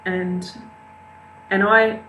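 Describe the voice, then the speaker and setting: A woman's voice: mid-range voice, flat delivery, drawn-out words, a bit bright. A woman, an interview guest, candidly and earnestly recounting a painful family event. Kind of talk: personal storytelling. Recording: roomy, echoey with faint hum.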